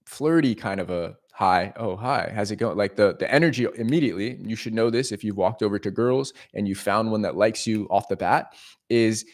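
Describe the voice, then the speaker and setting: A man's voice: lowish voice, fairly quick. A young man on a livestream, casually telling a long, profane story and checking in with his viewers. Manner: rambling, profane, self-interrupting with "right?". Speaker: leasing agent streaming to viewers.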